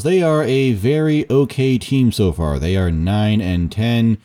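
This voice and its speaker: A young man with a deep voice talks through baseball over a solo commentary. His tone is mellow and relaxed. He rambles loosely, fills gaps with ums, and pokes fun at himself. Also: measured pace. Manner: rambling and self-mocking, with fillers and chuckles.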